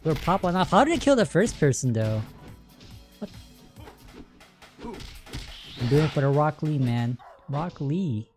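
Low-voiced excitable woman gaming streamer. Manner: chatty, bursts into excited yelps during fights. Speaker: streamer playing a fighting game. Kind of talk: live gameplay commentary.

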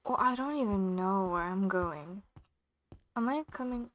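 A woman's voice: mid-range voice, sing-song, slow, rough recording. A young woman giving nervous horror game commentary, talking to herself in short anxious questions. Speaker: gamer.

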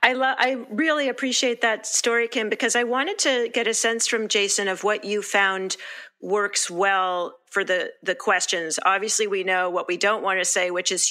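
A woman hosting a podcast, steering the conversation with questions and animated, playful asides. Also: moderate pace. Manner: animated, playful, jokes in high mock voices. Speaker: podcast host and moderator. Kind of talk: conversational moderating.

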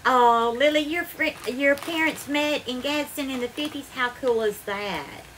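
A woman's voice: high voice, a little slow, fairly bright tone, a little hiss or hum. A woman from Alabama with a Southern accent hosts a casual live cooking stream from her home kitchen, greeting viewers by name and calling them darling. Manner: effusive, calls viewers darling, bubbly sing-song greetings. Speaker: home cooking livestream host.

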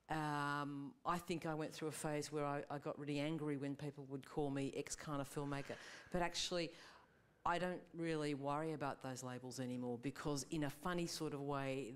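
A woman's voice: deep voice, clean tone. A woman, a film director speaking thoughtfully on a live panel, searching for her words. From Australia. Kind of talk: panel discussion. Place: live gallery panel event.

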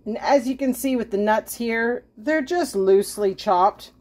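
A woman's voice: a little high, a little slow, a little mellow. A woman hosting a homesteading channel, chatting in a self-deprecating way as she walks through a recipe in her home kitchen. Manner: chatty and self-deprecating, talking while cooking. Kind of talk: casual cooking demonstration.

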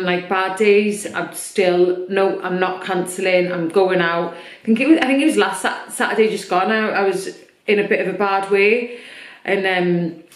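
A woman talking openly in a personal vlog, chatty with lots of fillers, her throat a little irritated. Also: mid-range voice. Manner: open, chatty, many fillers. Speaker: vlogger. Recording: echoey room.

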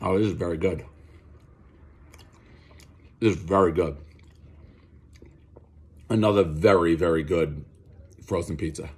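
A man's voice: deep voice, a little slow, pauses often, slightly rough. A man giving a casual, rambling and profane pizza review, telling stories as he eats. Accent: Boston. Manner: rambling, profane, animated storytelling.

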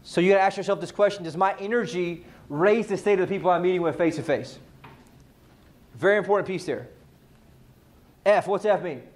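In a live sales training session, this man with a high voice keeps the energy up. He fires off quick questions at the audience and supplies the answers on his own.

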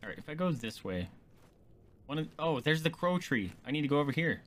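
A man's voice: on the high side, big pitch swings, brisk, fairly bright tone, a little hiss or hum. A man giving let's play commentary as a gaming streamer, swearing and ranting at the game in frustration.

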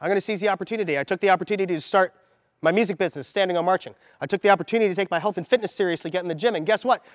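A man in his thirties giving a motivational talk to a group as a mindset coach, telling a story with animated energy and acting out the lines he quotes. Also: sits high, racing, clean studio sound. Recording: long hall reverb.

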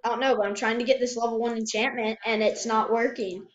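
A woman giving casual gameplay commentary at her computer, excitable and prone to repeating herself. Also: on the high side, fast, a little hiss or hum. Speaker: gamer. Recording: dull lo-fi home mic.

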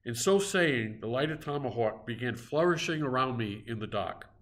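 Male reader, mid pitch, steady and expressive novel narration. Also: moderate pace. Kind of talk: reading a classic novel aloud.

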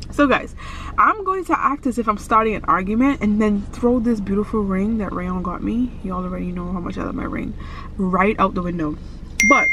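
Woman vlogger, animated and slangy, car recording with road noise behind her. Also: medium pitch. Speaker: vlogger pranking her husband. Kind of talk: casual vlog and staged argument.

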